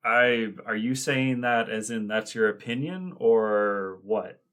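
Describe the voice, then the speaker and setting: Low-voiced man retelling scenes. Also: slow pace. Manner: rambling, animated retelling of scenes. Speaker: podcast co-host. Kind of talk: casual chat.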